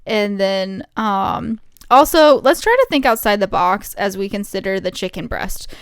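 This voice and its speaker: A woman's voice: medium pitch, lively intonation, a little slow, clean tone, no room sound, studio quality. A woman co-hosting a podcast, chatting casually and reading out lists with mock drama and giggles. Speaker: podcast co-host. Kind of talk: casual chat, reading aloud.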